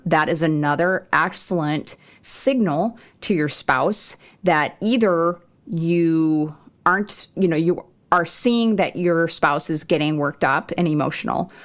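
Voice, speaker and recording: A middle-aged woman hosting a homeschool parenting podcast, talking conversationally with fillers and restarts. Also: sits low. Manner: warm, conversational, with occasional laughs and fillers. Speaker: podcast host.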